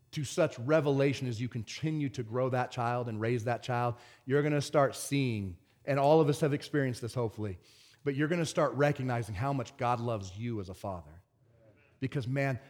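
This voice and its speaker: A man preaching a sermon as pastor, swinging from shouted excitement to quiet earnest talk. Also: mid-range voice.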